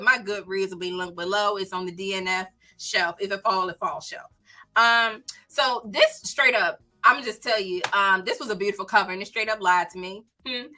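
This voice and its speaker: A woman with a Southern country accent chatting casually on her book livestream, animated and exclaiming. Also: mid-range voice. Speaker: book channel host.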